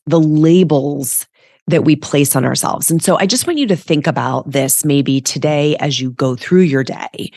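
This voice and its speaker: Low-pitched female host, slightly stuffy, chatty coach delivery, dry close sound. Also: a little mellow, dry recording. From United States. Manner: chatty, frequent "like" and "right?". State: stuffy from allergies. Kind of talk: casual solo podcast talk.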